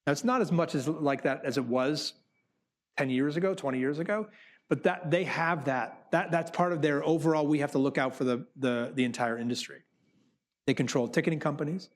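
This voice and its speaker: A man's voice: fairly high pitch, fairly quick. A man, a theater producer, giving a conversational talk to business students and acting out quotes as he tells anecdotes. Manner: animated storyteller who acts out quotes. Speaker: Broadway producer.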